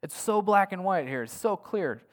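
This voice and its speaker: A man's voice: sits high, animated, moderate pace. A man preaching a sermon in an earnest, emphatic way, often asking his listeners rhetorical questions. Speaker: pastor.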